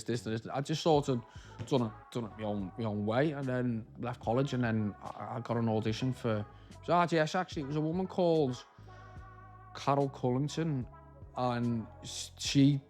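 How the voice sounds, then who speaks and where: A man in his thirties from Liverpool with a Liverpool accent, telling stories from his acting career in a relaxed interview, rambling and restarting often. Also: medium pitch. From Liverpool, England. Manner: rambling, many restarts and "you know", local slang. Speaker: actor, interview guest.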